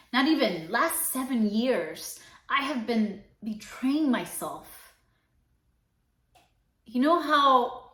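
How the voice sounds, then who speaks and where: Young adult woman, podcast host, sassy emphatic pep talk, fairly high voice, echoey room. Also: pushed and bright. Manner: emphatic and sassy, repeating affirmations. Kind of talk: motivational self-help monologue.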